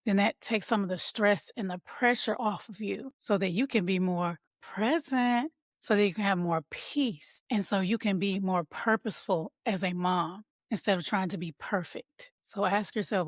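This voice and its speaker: A woman's voice: medium pitch, moderate pace, no room sound. A woman hosts a motivational podcast for mothers in a conversational coaching tone. She talks to listeners as y'all. Her voice sits mid-range and is recorded close, in a dry room. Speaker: podcast host and mom coach.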